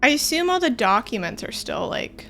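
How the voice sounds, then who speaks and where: Gravelly-voiced woman streaming a game. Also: fairly high pitch, very animated, moderate pace, a bit bright, faint music behind. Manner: chatty, self-mocking, talks to herself. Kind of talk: casual gameplay commentary.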